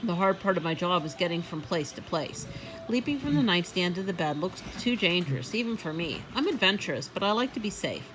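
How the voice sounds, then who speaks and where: Expressive woman reading a children's story. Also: fairly low pitch, brisk, noisy background. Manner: expressive and animated. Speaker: storybook reader. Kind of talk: reading a children's book aloud.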